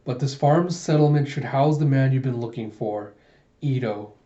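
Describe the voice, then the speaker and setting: A sincere young idealist speaks from the heart, as a man reads his lines. The tone is mellow and the recording dull and lo-fi. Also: mid-range voice, moderate pace, natural voice. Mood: earnest.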